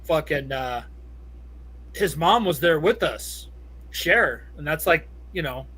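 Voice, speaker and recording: A man's voice: fairly high pitch, lively intonation, takes it slowly, bright, forceful tone, slightly rough. A middle-aged man from Southern California telling a rambling, profane story as a podcast guest, laughing often. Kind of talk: casual storytelling.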